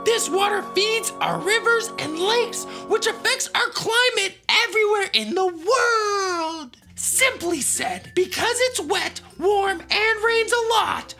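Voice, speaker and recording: An eager little male rainforest creature who loves playing the expert, voiced by a woman in a storybook read aloud. He speaks very high and slowly. His voice is bright, with lively swoops. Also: soft background music, full character voice. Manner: eager, lecturing.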